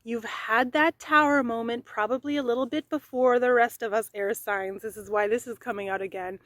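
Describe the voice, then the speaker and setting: A woman host giving a casual tarot reading, excitable and chatty, swearing now and then. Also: fairly high pitch, normal speed, no echo. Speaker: tarot reader. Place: outdoors in nature.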